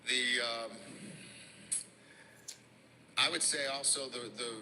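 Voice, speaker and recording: Halting coach with a Boston-Midwestern accent. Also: male voice, mid-range voice, steady tone, sharp tone, slight background noise, rough recording. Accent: Boston and Midwestern with some Louisiana. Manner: halting, heavy on fillers and restarts. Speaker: head football coach. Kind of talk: press conference answers.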